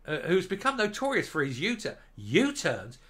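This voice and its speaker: A man's voice: sits high, wildly swooping pitch, normal speed, bright, forceful tone. Sarcastic older man ranting. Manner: sarcastic, mocking, scornful. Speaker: political commentary host. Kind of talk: reading news and ranting.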